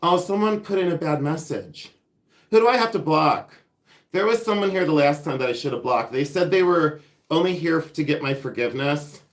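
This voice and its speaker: A man's voice: a little high, brisk. Sassy chatty man hosting a livestream. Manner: sassy, chatty, self-mocking humor. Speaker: live-stream jewelry reseller host. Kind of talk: casual livestream chat.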